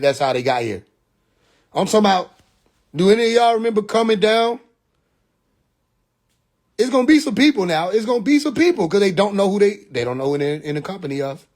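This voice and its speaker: A young man from Atlanta with a Southern accent, hosting a phone live stream and lecturing in a mocking, preachy way, firing rhetorical questions with profane slang. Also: high voice. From Atlanta, USA. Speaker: livestream host. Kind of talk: rambling live-stream monologue.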